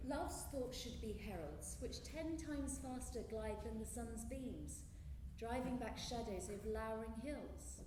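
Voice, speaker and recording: A woman's voice: fairly high pitch, background noise. An actress playing an eager, impatient young girl in love, pleading on a theatre stage. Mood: longing. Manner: pleading, urgent stage delivery. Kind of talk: live stage acting. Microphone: distant room mic. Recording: echoey theatre from far off.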